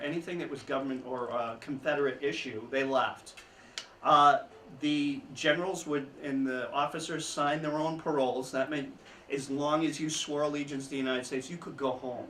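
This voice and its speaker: A man giving an informal history talk to an audience, telling the story with chuckling asides and lively emphasis. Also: mid-range voice. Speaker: history speaker. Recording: echoey room, mic at a distance, faint background noise.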